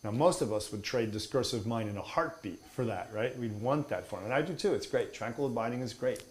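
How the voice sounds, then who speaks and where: A man's voice: medium pitch, brisk, a little hiss or hum. A man teaching meditation in an emphatic, playful way, mixing in humor and mockery. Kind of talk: spoken teaching.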